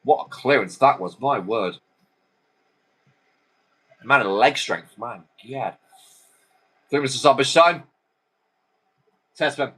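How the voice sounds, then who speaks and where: A man's voice: mid-range voice, expressive, slow pace, pauses often, a bit bright, breathy edge, low-quality recording. A man hosting a watchalong, calling a football video game live with chatty, rambling asides. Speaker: host.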